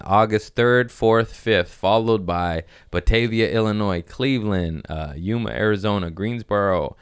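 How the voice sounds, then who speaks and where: A man's voice: on the low side, clear, resonant tone, no room sound, studio quality. A male comedian hosting his podcast, rambling and cursing, often breaking into laughter. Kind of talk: casual solo podcast monologue.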